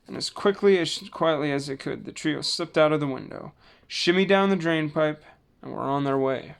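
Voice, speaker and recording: A man reading a children's book aloud in a relaxed way, with small slips and self-corrections. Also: a little high, normal speed, creaky, clear, resonant tone. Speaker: storybook reader.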